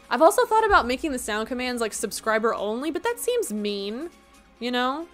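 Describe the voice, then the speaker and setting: A woman's voice: fairly high pitch, fairly bright tone. A woman streaming a game who chats casually to her viewers, rambling and joking at her own expense, sounding tired. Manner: rambling, joking and self-mocking. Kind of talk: casual live-stream chat.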